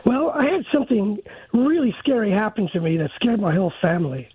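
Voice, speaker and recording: A man calling in to a radio show, telling a frightening story in a halting way over the phone. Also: sits high, sing-song, husky, dry recording. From San Francisco area. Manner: halting, many fillers and restarts. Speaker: caller. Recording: tinny phone line.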